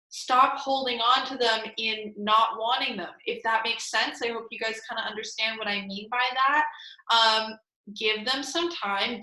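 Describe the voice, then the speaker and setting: A woman hosting a group video call, giving blunt, animated advice and swearing casually. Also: on the high side, reverberant, low-quality recording. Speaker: host.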